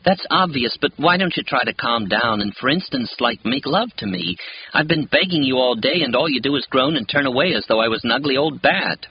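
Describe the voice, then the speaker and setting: Audiobook, male narrator doing an emotional young woman, raised and high, muffled recording. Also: animated, fairly quick, husky. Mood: exasperated. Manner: raised, emotional delivery in higher voice. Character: distraught young woman, desperate, volatile. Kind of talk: audiobook character voice. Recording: dull, lo-fi with faint hiss.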